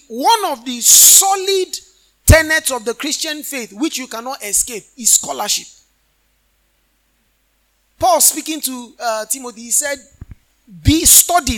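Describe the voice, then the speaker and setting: High-pitched, bright-voiced male preacher. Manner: call-and-response questions to the congregation; emphatic, often sing-song preaching cadence. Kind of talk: sermon. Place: church.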